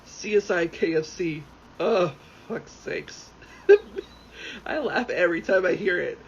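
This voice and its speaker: A rambling, excitable man commenting casually while he plays, swearing freely and jumping between thoughts. His voice sits a little high for a man. The recording is dull and lo-fi, with a faint hiss of noise behind him. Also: slow. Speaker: gaming YouTuber.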